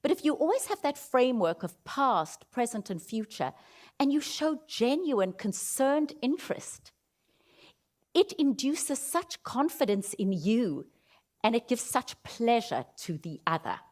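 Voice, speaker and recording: A woman's voice: a little high, sing-song, a little slow, a little mellow. A woman giving a motivational keynote talk in an auditorium, leading the audience through vocal exercises. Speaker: keynote speaker. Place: auditorium stage.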